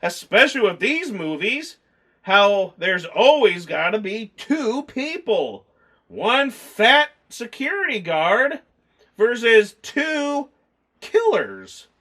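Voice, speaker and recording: A man's voice: high-pitched, very animated, slow pace, pushed and bright. A man chatting casually through a movie review, rambling and acting out scenes in mock voices. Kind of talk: casual film review chat.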